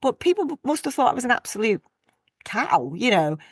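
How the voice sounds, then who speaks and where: A middle-aged woman, a podcast guest telling stories in a blunt, direct, lively way. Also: on the high side, brisk, no echo. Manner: blunt, direct, animated storytelling. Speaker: podcast guest, business coach. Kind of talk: casual interview chat.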